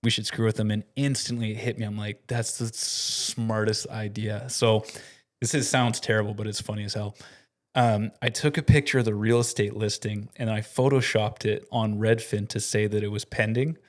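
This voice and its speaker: A man co-hosting a casual company podcast, telling a story in an animated way and often breaking into laughter. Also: lowish voice, brisk. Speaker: podcast co-host and company staff member.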